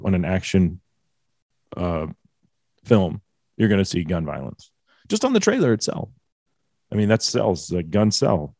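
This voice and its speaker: A man's voice: low-pitched, mellow, dry recording, clean studio sound. A man in his forties ranting bluntly and with strong opinions in casual podcast chat. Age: 40s.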